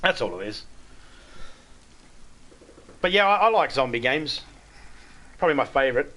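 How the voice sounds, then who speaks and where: A man's voice: medium pitch, big pitch swings, moderate pace, bright, forceful tone. A middle-aged Australian man chatting bluntly with viewers on a live game stream, swearing freely and stumbling over restarts. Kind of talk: casual live-stream chat.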